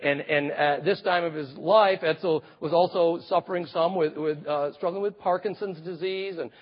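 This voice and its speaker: A man in his fifties preaching a sermon, telling stories and swinging from booming to hushed. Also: fairly even intonation, normal speed. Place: large church hall. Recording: reverberant hall, slightly dull sound.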